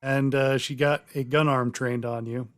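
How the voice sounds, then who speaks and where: A man's voice: mid-range voice, level tone, normal speed, a bit bright. A man narrating a tabletop game as game master, telling the scene in an easygoing, descriptive way.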